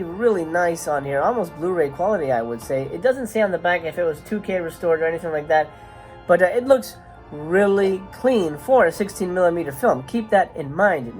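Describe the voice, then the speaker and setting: A woman hosting a casual movie review vlog. She talks in a chatty, hesitant way with many filler sounds. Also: on the low side. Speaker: movie reviewer and channel host.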